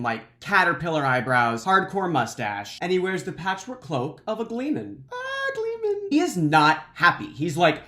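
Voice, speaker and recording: A podcast host doing a playful, comedic book recap in a casual, joking way. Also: medium pitch. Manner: playful and animated. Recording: roomy echo.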